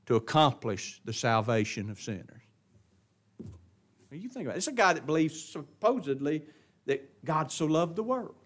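A man preaching a sermon, swinging between loud emphatic stresses and quiet asides, often asking the congregation questions. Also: on the high side, sing-song, moderate pace.

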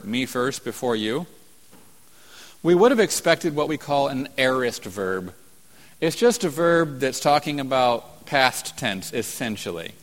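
A male preacher delivering a sermon. He explains carefully and leans on repeated words for stress. His voice carries a long reverb from a large hall. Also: fairly high pitch.

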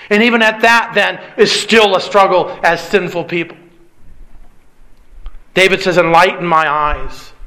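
Male preacher, high bright tone, insistent questioning sermon delivery. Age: adult with a young child. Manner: emphatic preaching with repeated rhetorical questions. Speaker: pastor.

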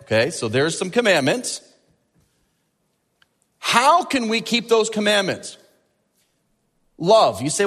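Brief: male pastor, sermon, somewhat high voice, animated and emphatic, long hall reverb. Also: husky. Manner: animated, rising emphasis and drawn-out key words.

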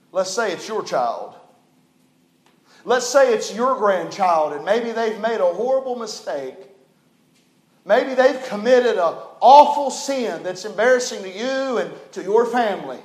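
A man preaching a sermon as pastor, fervent and folksy, swinging from loud declarations to hushed, low passages. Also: expressive, a little slow, roomy sound. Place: church sanctuary.

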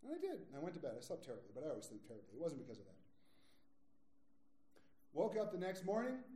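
A man in his forties delivers a sermon with a lively, swooping delivery, his voice mellow and slightly higher than most men's. He talks casually, as if chatting with the congregation, and acts out little quotes along the way. The sound rings around an echoey church hall. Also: quick pace. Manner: conversational storytelling with acted quotes. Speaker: pastor. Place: church sanctuary.

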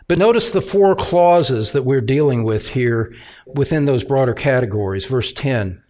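Slow, deliberate male preacher. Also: mid-range voice, lively intonation, darkish tone. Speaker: pastor. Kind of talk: expository sermon.

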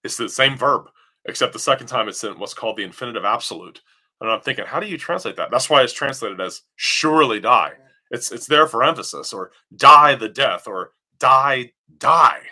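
Male pastor, sermon delivery, bright piercing tone, emphatic question-and-answer style. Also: mid-range voice, expressive, quick pace. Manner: emphatic, rising to near-shouts on key points; asks questions then answers them.

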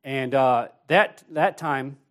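A man's voice: medium pitch, slow pace, a bit bright. Man preaching a conversational sermon. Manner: conversational storytelling, rising to emphatic exhortation. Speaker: associate pastor. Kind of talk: sermon with personal story. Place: church.

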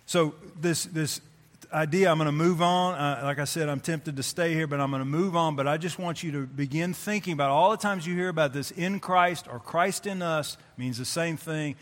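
A man preaching a sermon to his congregation. He stresses key phrases by repeating them and reads scripture slowly. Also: a little high, a bit bright. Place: church sanctuary. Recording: long reverb of a church hall.

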